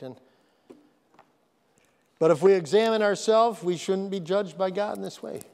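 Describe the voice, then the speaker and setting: A man's voice: high-pitched, moderate pace, pauses often, darkish tone, in a large hall. A man preaching a sermon to his congregation, emphatic, repeating phrases and asking if they are listening. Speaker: pastor. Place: church sanctuary.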